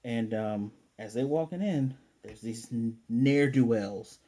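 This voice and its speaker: A man's voice: mid-range voice, takes it slowly, dark tone. An American man casually reviewing an anime episode, rambling with many fillers and self-corrections.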